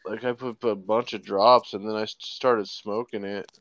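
A man's voice: on the low side, steady tone, normal speed, fairly bright tone. A man chatting casually on a podcast, laid-back and giving short replies. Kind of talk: casual chat.

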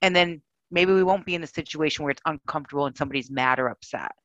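A woman's voice: low voice, fast talker, a bit bright, no echo, highs cut off. A woman co-hosting a casual chat, telling stories animatedly and acting out her own reactions.

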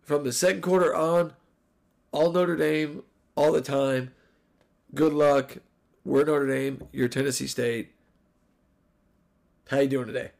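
Gravelly man ranting about football. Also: fairly high pitch, steady tone, slow, long pauses, darkish tone. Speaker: podcast host. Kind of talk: solo sports recap podcast.

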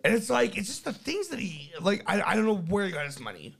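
A man in casual podcast chat, animated and swearing often, mimicking people in jumpy voices. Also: high voice, fast talker, vocal fry.

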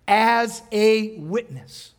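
A man's voice: sits high, extremely slow. A man preaching a sermon to his congregation, conversational and direct, asking them questions and building to emphatic points. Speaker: pastor.

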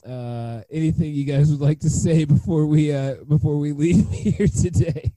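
A man's voice: on the high side, normal speed, mellow, no echo, rough recording. A man hosting a casual sports podcast, rambling and laughing through his lines. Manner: laughing often, loose and rambling. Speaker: podcast host.

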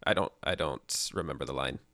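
A man's voice: a bass voice, fairly quick, pushed and bright, no room sound. A man playing an unsure voice talent in a comic sketch, hesitant and stumbling over his words. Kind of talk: comedic improvised sketch.

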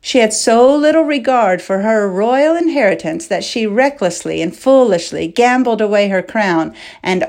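A woman's voice: lowish voice, a little mellow. A woman reading a novel aloud, voicing an indignant male king who declaims accusations to a crowd.

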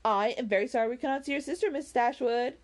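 Brief: coy, giggly young lady with a high, affected lilt, as a woman reads her aloud. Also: quick pace, lightly acted. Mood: gushing. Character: giggly, simpering young woman fishing for teasing.

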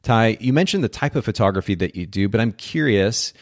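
A man's voice: fairly low pitch, lively intonation, brisk, no room sound, studio quality. A middle-aged man hosting a podcast interview in a chatty, upbeat way, often restarting his phrases. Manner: upbeat, chatty, self-correcting. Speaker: podcast host.

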